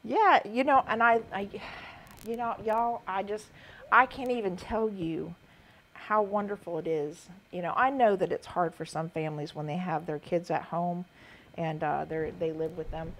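A woman's voice: fairly low pitch, fairly even intonation, moderate pace. A middle-aged woman, chatting casually and laughing often as host of a quilting livestream, drifting off topic.

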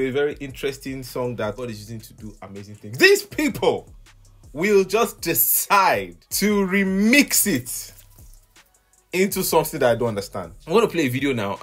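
A young adult man and music minister hosting his own vlog, animatedly lamenting with exasperated laughter. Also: lowish voice. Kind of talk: casual vlog reaction.

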